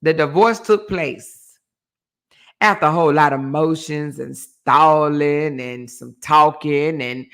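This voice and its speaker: A man's voice: a little high, takes it slowly, a bit bright. A man hosting a gossip show, telling celebrity drama in a sassy, theatrical way and calling his audience honey and child. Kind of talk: animated celebrity gossip chat.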